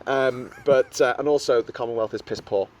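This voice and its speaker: A man's voice: mid-range voice, brisk, far from the mic. A man from the UK hosting a casual political podcast, explaining with confidence and drifting into tangents. He is recorded outdoors in the wind. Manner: chatty, digressive, confident explainer. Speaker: podcast host. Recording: faint background noise, outdoors with wind.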